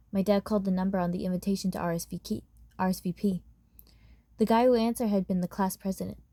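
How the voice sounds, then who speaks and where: A woman's voice: medium pitch, steady tone, brisk, warm tone, dry recording, clean studio sound. Woman reading a story aloud. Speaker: audiobook reader. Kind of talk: storybook narration.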